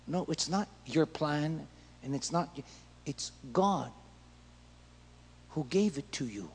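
A man's voice: a little high, expressive, unhurried, long pauses, husky, long reverb tail. A male pastor preaching a passionate sermon, acting out prayers and dialogue with rising intensity.

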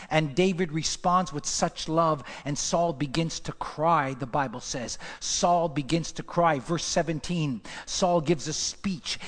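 Emphatic male preacher in echoing church. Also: a little high. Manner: emphatic, repetitive, exhorting. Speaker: pastor. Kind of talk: sermon.

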